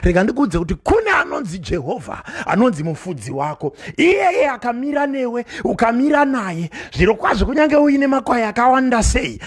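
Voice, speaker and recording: A man preaching a sermon from home, switching between Shona and English, with rising passion and shouted calls. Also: sits high, sing-song, brisk, husky. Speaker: pastor.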